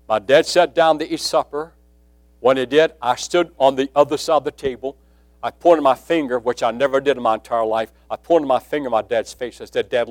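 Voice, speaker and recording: A man preaching a sermon, telling a personal testimony and building from quiet storytelling to loud emphasis. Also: medium pitch, no room sound.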